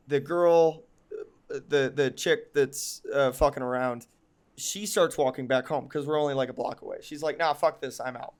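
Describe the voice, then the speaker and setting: A man's voice: medium pitch, smooth. A young man telling a long personal story on a podcast, casual and rambling, full of ums and likes, and often mocking himself. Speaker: podcast co-host.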